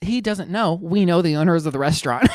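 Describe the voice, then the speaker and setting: A man's voice: on the high side, brisk, a little hiss or hum. A man co-hosting a podcast, telling a story in casual chat and acting out the people he quotes. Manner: animated, acts out quotes in big voices. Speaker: podcast co-host.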